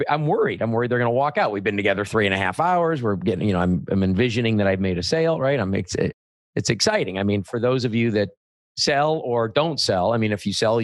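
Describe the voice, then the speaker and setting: A man's voice: mid-range voice, dry recording. A male host spins car dealership stories with plenty of animation, his voice sitting mid-range. The sound is dry and close, with no room around it. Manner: animated anecdotes, acts out quoted customers. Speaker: podcast host. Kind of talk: casual storytelling chat.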